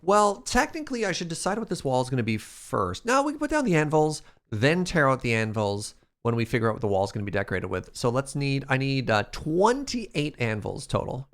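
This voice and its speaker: Speaking fairly quickly with hardly any pauses, a man with a medium-pitched voice streams a building game live. His chat with viewers is animated and playful, aimed right at the chat.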